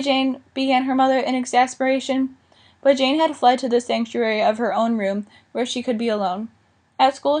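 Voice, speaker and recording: A woman reading a children's novel aloud, giving the dialogue light character inflection. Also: fairly high pitch. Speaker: audiobook reader. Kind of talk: scripted narration of a children's novel.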